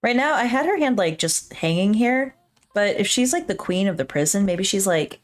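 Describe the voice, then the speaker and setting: A digital artist streams her work, thinking aloud as she draws in a medium-pitched, animated voice at normal speed. Chatty and self-deprecating, she jokes to herself into her own desk mic, which has a pop filter.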